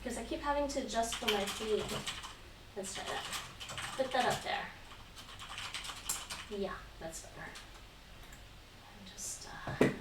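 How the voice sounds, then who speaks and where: A woman's voice: fairly high pitch, animated, measured pace, pauses often. A woman teaching taekwondo on a live stream, patiently repeating instructions and counting reps aloud. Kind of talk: live-streamed home exercise lesson. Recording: roomy echo, distant mic, faint noise.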